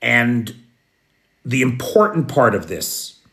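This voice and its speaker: An American man hosting a casual live news stream at night, greeting viewers by name in an unhurried way. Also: medium pitch, big pitch swings, fairly bright tone. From United States. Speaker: news host. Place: apartment in a city at night.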